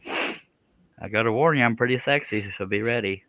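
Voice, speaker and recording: Guy streaming from his shop, bright punchy voice, kinda lowish, cracking jokes at himself. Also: normal speed, dry recording, rough recording. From Texas. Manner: joking, self-mocking, reads viewer comments aloud. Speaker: woodworking live stream host. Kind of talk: casual live stream chat. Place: workshop.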